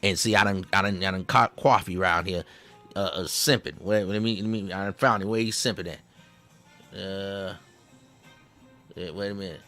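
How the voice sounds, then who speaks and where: A man's voice: low voice, steady tone, normal speed, long pauses, bright, forceful tone, faint music behind. A man hosting a satirical commentary over clips. He rambles, keeps repeating "see", stumbles over restarts and talks in Southern slang with a drawl. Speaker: host reacting to clips.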